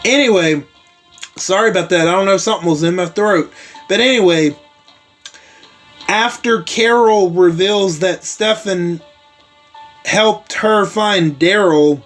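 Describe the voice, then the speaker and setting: A man with a fairly high voice hosts a laid-back spoken episode recap. He takes his time, leaning on "like" and "uh" as he rambles through the story. Faint music plays underneath. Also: measured pace, long pauses, a bit bright. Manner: rambling, heavy on fillers like "like" and "uh", with casual swearing.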